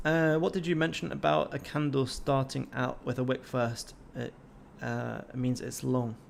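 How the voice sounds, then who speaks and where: Young male livestream host, casual and profane, hyped and motivational, average pitch. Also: flat delivery, moderate pace, vocal fry, a little hiss or hum. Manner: swears constantly, pumped-up and motivational.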